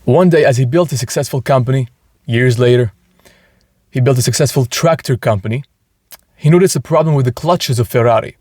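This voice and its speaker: A man's voice: medium pitch, fairly quick, a little mellow, dry recording, studio quality. A man hosting a motivational podcast, talking earnestly and enthusiastically, with frequent restarts. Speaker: podcast host.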